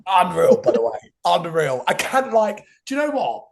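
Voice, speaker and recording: A young man hosting a casual football podcast. His voice is hoarse and half gone, and he talks in an excitable, rambling way. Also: high-pitched, moderate pace. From England. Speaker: podcast host.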